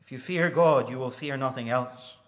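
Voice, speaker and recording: A man preaching a sermon, reading scripture in a King James cadence and swelling into loud, high declamation. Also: normal speed.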